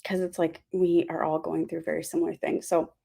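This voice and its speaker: A woman's voice: low voice, flat delivery, a little fast, gravelly, dark tone, breathy edge. A woman giving a casual spiritual talk as host of her channel, rambling with many fillers and apologies.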